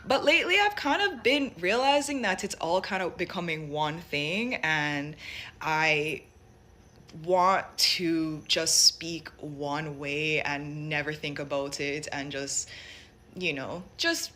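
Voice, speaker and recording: A woman's voice: deep voice, slow pace, pushed and bright. A young adult woman from Jamaica with a light Jamaican accent mixed with American, talking reflectively in a casual monologue full of fillers. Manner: thoughtful, many fillers like "like" and "you know". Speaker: vlogger.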